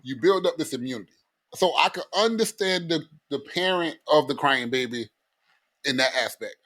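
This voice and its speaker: A man's voice: fairly high pitch, expressive, normal speed, a bit bright. A man joining a casual podcast chat as a guest, teasing and joking.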